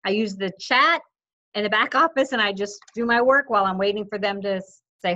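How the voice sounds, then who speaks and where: A woman's voice: medium pitch, a little fast, pushed and bright, lo-fi sound. A woman leading her team on a video call, coaching in a casual, upbeat and insistent way, acting out what others say. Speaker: team leader coaching affiliates.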